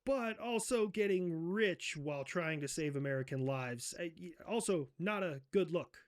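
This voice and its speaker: Profane mocking man, slightly high voice. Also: expressive, normal speed. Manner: profane, mocking, with shouted outbursts. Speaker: host. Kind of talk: satirical comedy role-play.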